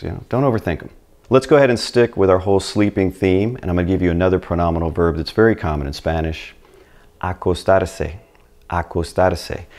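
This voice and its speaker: A middle-aged man with a very low voice runs a relaxed language lesson. He talks in a chatty, patient way and keeps checking in with the listener. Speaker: Spanish teacher.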